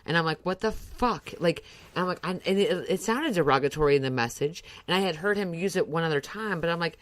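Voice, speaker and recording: A woman's voice: lowish voice, animated, quick pace, no echo. A middle-aged woman co-hosting a casual podcast, telling rambling stories full of swearing and restarts. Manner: profane, rambling storyteller with many restarts. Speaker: podcast co-host.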